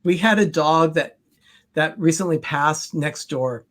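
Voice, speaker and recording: A man's voice: on the high side, unhurried, a bit bright. A man co-hosting a casual livestream chat, reading out the list and viewer comments with an upbeat manner.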